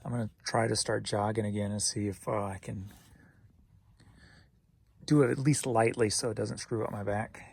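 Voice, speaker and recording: Easygoing male vlogger from St. Louis, raspy low-key delivery, casual chat. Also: steady tone. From St. Louis, Missouri. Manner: easygoing and chatty, with quick asides. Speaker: eBay reseller. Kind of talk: casual vlog narration.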